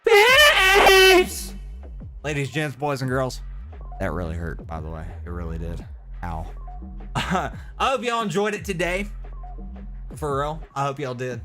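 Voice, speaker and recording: A man's voice: mid-range voice, a little slow, pauses often. A man with a sore throat and stuffy nose, chatting casually and rambling on a late-night live game stream. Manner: rambling, animated, self-interrupting. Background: game music.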